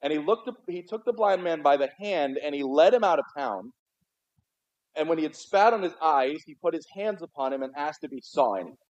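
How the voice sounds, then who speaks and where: Higher-voiced man preaching a casual sermon. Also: expressive, fairly quick, darkish tone. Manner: conversational preaching, stumbling repeats. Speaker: pastor. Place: church sanctuary. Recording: dull, muffled livestream audio.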